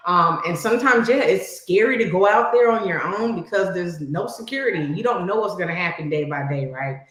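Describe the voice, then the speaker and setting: A woman's voice: fairly low pitch, animated, fairly quick. A woman talking as a podcast guest in casual chat, conversational and reflective, often saying "you know". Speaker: podcast guest, cybersecurity professional. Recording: very echoey room.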